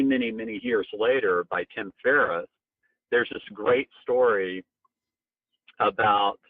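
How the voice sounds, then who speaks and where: A man being interviewed as a company co-founder, telling a personal story animatedly and jumping up in pitch for emphasis. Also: no echo. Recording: tinny phone-like sound, very dry.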